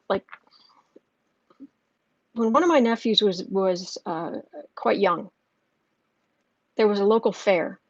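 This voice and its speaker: A tarot reader speaks at a slow pace with long pauses, her mid-range voice wandering through chatty stories and frequent restarts. The sound is lo-fi, carrying a little hiss or hum.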